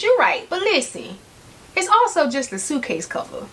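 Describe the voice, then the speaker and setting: A woman's voice: extremely high pitch, fairly quick. A woman vlogger, chatting casually and sassily to her viewers, often checking in with "okay?". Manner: sassy, animated, talks straight to viewers with frequent "okay?". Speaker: fashion vlogger. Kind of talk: casual chat to camera.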